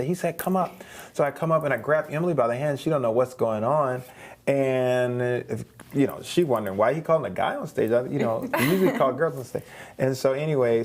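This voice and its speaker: A man's voice: medium pitch, a little mellow. A man, a guest singer, telling a long story in a studio interview, rambling, with many restarts and repeated words. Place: streaming studio.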